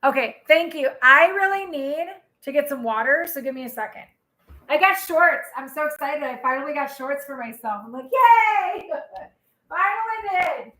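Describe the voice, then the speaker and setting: A woman hosting a live tarot reading, chatting in an animated way and answering her viewers' comments. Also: high-pitched, normal speed. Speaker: tarot reader and healer.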